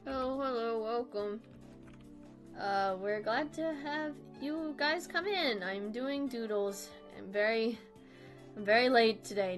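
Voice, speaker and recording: Young woman, a touch high-pitched, rambling casual streamer talk over soft music. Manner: rambling and self-deprecating, with frequent laughs. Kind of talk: casual chat while drawing on stream.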